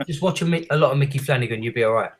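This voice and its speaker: A man taking part in a relaxed online group chat, speaking at a middle pitch. He chimes in with quick, helpful answers and suggestions. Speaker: chat participant.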